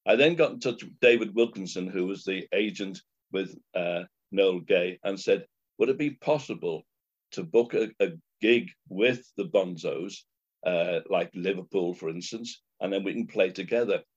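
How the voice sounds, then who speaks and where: A man's voice: sits low, normal speed, husky. Man telling a story. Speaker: guest. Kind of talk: anecdotal storytelling. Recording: dull lo-fi recording.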